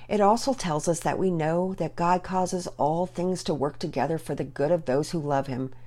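A woman's voice: sits low, normal speed, warm tone. A woman as a devout, earnest father. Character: devout, gentle sick father teaching his children.

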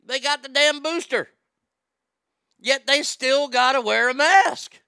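A man's voice: extremely high pitch, takes it slowly, gravelly, pauses often, pushed and bright, no room sound, studio quality. A man hosting a live show, ranting about politics in a heated, sarcastic and profane way, often stammering and restarting when worked up.

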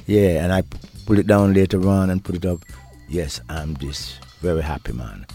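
A man's voice: low voice, very animated, a little slow. An older man with a Jamaican accent, a reggae deejay giving an interview and reminiscing in a laid-back way, laughing often. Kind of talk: relaxed reminiscing conversation. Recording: interview with faint music behind.

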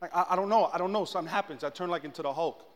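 A man, a pastor, preaching a sermon and telling a story about himself in an animated, self-mocking way, acting out his own outbursts. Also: high voice, very fast, in a large hall.

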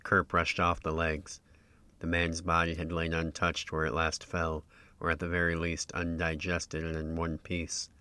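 A man reading his own first-person story aloud in a measured, even, literary way. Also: low voice, smooth, dry recording. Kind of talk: scripted first-person narration.

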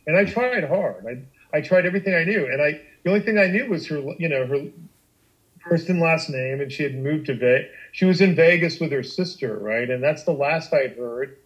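A middle-aged man telling a personal story on a podcast, animated and emphatic, with frequent restarts and swearing. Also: a little high, moderate pace, dull audio. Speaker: guest storyteller.

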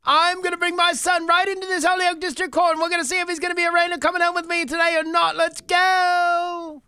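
A man doing a loud, squeaky, hyped-up dad. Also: level tone, fairly quick, no echo, full character voice. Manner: high-pitched, loud, sing-song exaggeration. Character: loud excitable father hyping a court trip.

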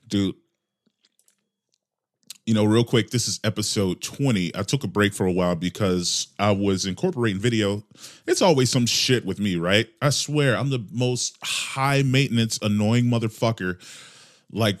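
Man, solo podcast host, lowish voice, rambling, swears a lot, jokey, desk mic. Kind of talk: casual solo podcast monologue. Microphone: desk microphone with headphones.

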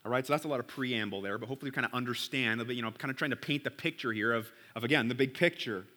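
Bright-voiced man preaching conversationally. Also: medium pitch, racing. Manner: conversational, keeps asking "right?". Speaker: pastor. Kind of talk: sermon. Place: church.

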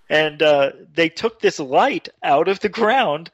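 A man telling a long story on a radio talk show, getting more animated and higher as he goes. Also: slow, few pauses, no room sound. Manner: animated storyteller, rising pitch when excited. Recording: dull lo-fi radio audio.

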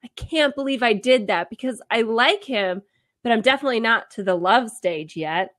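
Bright-voiced woman podcast co-host. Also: fairly high pitch, lively intonation, moderate pace. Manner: reads listener letters, chatty with many fillers. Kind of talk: casual chat.

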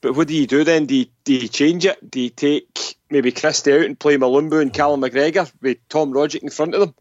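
A man's voice: fairly high pitch, fairly even intonation, fairly quick, a little mellow, no echo, dull audio. A man co-hosting a casual football chat, mostly giving short agreements and sometimes musing through questions. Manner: brief agreeing replies, then questioning musing. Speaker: podcast co-host.

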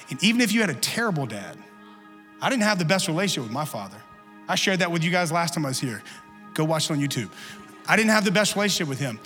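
A male pastor giving a lively, conversational sermon full of humor in a church. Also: a little high, in a large hall. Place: church sanctuary.

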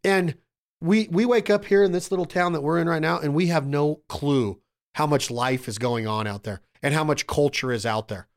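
A man in casual podcast chat, telling excited, profane stories and calling his friend "bro" and "dude". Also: a little high, moderate pace.

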